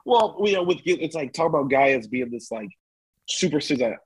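A relaxed man chatting on a podcast, his voice a little husky and raspy. The mic sits close and dry with no room sound. He agrees easily and laughs along. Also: fairly high pitch, brisk, no echo, poor audio. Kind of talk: casual chat.

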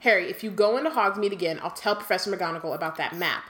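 A woman co-hosting a casual book podcast, reading passages aloud and riffing on them in an animated way. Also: fairly low pitch, fast talker. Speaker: podcast co-host.

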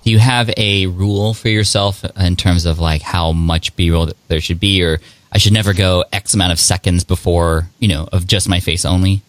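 A man hosting a podcast interview, talking in a conversational, halting way with many fillers. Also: low voice, steady tone, dry recording. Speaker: podcast host. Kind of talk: casual interview.

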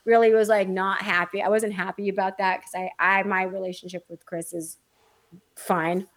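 A woman on a casual podcast chat, blunt and profane, telling animated stories about her employees. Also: medium pitch, moderate pace. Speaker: podcast co-host, salon owner.

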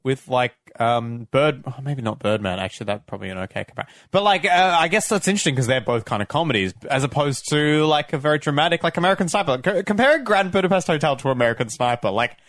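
Brief: male co-host, animated pitch swings, rambling and self-correcting, dry sound. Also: fast talker, few pauses, dry recording. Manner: rambling, many fillers and restarts. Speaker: podcast co-host. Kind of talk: casual film discussion.

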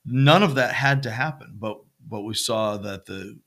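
A man's voice: fairly low pitch, moderate pace, fairly bright tone. A man co-hosting a church podcast, talking casually and rambling through sermon themes with many fillers and restarts.

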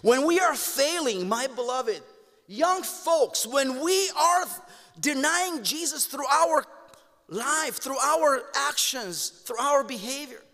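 High-voiced Romanian-accented preacher, slow and echoing. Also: male voice, animated. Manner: impassioned, addresses listeners as "my beloved"; swings between hushed tones and raised exclamations. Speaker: pastor. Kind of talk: sermon. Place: church sanctuary. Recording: long church hall reverb.

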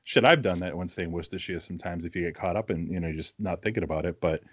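A man with a New England accent chats casually on a podcast, blunt and teasing, and he swears freely. His voice sits fairly low. The recording is dry and close. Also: fast talker, breathy edge, dry recording. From Massachusetts, New England. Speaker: podcast co-host. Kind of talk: casual chat.

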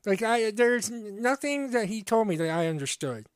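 High-voiced man telling rambling stories. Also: animated, moderate pace, clean tone, no echo, studio quality. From Pittsburgh area. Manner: rambling, profane storytelling. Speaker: podcast host. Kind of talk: casual chat.

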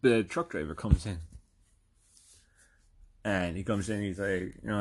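Husky-voiced Irishman telling a story. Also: on the low side, normal speed, long pauses. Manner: rambling, profane, asks "right?" often. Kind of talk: casual anecdote.

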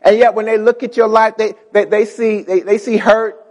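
A man preaching from the pulpit with a very high voice. He calls out to the congregation, circles back on his words, and builds to shouts. His voice rings with the long reverb of a church hall. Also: little pitch movement, moderate pace. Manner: call-and-response preaching, repeats words, rising to shouts. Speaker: pastor. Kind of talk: preaching a sermon.

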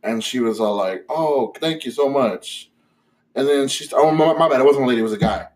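A young man hosting a podcast, telling a story in casual chat, animated and profane, with many fillers. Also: medium pitch, quick pace. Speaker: podcast host.

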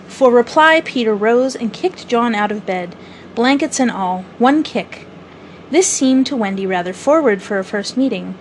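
A woman storyteller reading a children's book aloud in a measured, gently expressive way. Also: on the high side, slight background noise, low-quality recording.

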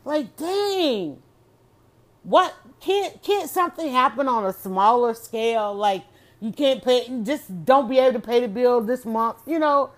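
A woman chatting casually on her own, animated and exclamatory, often restarting her sentences. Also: on the high side, moderate pace. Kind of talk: casual solo chat.

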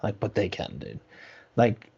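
A man's voice: lowish voice, sing-song, a little slow, creaky, a little mellow, husky, lo-fi sound. A young man telling a long story in casual chat, rambling and profane, full of fillers.

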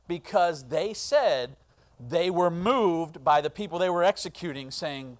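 Male pastor, sermon, middle-aged, hushed to loud preaching, fairly high voice. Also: lively intonation, measured pace.

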